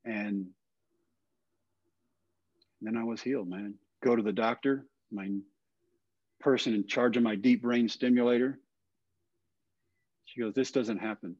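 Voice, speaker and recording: An older man with a low voice tells a personal story in an earnest, plain-spoken way, often dropping softly at the ends of phrases. The audio is dry and a little dull, like a lo-fi podcast recording. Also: no echo. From Texas. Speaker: guest.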